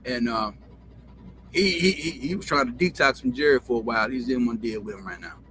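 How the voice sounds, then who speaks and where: A man's voice: mid-range voice, fast, noisy background. A man hosting a sports talk show, telling a story in a profane, repetitive, heated rant. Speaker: host. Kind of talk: ranting sports commentary.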